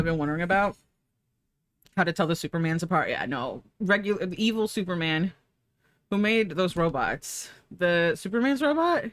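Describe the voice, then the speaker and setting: A woman's voice: lowish voice, fairly bright tone, no echo. A woman streamer in casual chat, rambling and profane, laughing often as she talks.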